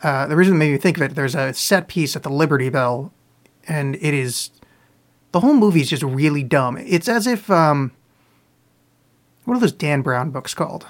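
A man with a slightly high voice chats on a live podcast stream, with a sore throat. He rambles from one listener question to the next, swears freely and mocks himself as he talks. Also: expressive, normal speed. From US East Coast. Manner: rambling, profane, self-mocking. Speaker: podcast host. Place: home, live on video stream.

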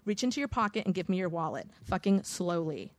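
A woman's voice: fairly low pitch, big pitch swings, a little fast, dry recording. A woman voicing a tough, streetwise teenage boy who talks bluntly and swears. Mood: menacing.

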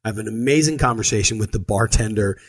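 A man telling a long personal story in a casual monologue, animated and acting out the quoted lines, with frequent fillers and restarts. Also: fairly low pitch, fast, slightly rough. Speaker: storyteller recounting a trip.

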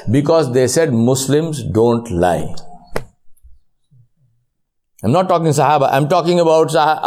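Man delivering a sermon, lively storyteller who plays out each character's lines. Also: fairly high pitch. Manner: animated, voices characters in his stories. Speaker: preacher.

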